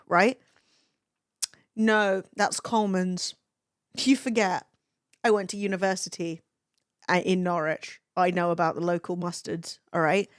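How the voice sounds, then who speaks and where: A young adult woman chatting on a livestream, swearing freely and reacting with quick laughs as she reads chat. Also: mid-range voice, no echo, clean studio sound. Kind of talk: casual stream chat, reading chat aloud.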